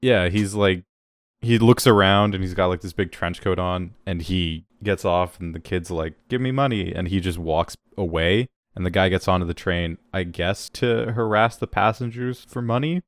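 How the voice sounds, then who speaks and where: A man's voice: sits low, steady tone, normal speed, dry recording, clean studio sound. A man co-hosting a podcast, casually recapping an episode with rambling jokes and laughter. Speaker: podcast co-host.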